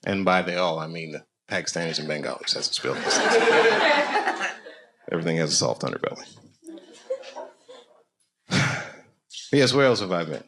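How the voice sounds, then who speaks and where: A male stand-up comedian talking with a lively, bouncing pitch, loose and laughing, swearing freely as he chats with the crowd. The recording comes from a live club, with steady noise behind his voice. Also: normal speed, long pauses.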